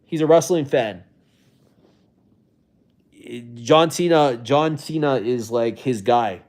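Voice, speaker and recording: A man's voice: medium pitch, a little slow, a little mellow. A man live-streaming from a rental home, talking casually to his viewers in a rambling way, often restarting his sentences, and at times getting emotional. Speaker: livestreamer.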